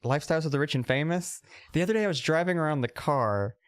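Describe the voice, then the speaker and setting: A man's voice: fairly high pitch, quick pace, clear, resonant tone, no room sound, studio quality. Rambling, profane male podcast co-host. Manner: rambling, profane, drifts into a put-on posh announcer voice. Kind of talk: casual comedic chat.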